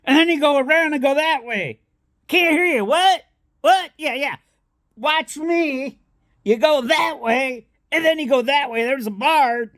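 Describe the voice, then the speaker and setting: A man voicing a loud half-deaf older man who gives rambling directions and keeps shouting and repeating himself. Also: very high-pitched, unhurried, no room sound, clean studio sound, pitched above the performer's own voice.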